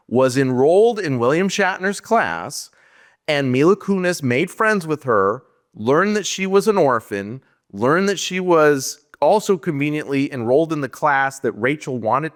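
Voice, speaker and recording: A man's voice: medium pitch, fairly bright tone. A man co-hosting a podcast, talking through a film plot in casual chat and ranting with exasperated rhetorical questions. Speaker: podcast co-host. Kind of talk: casual movie review chat.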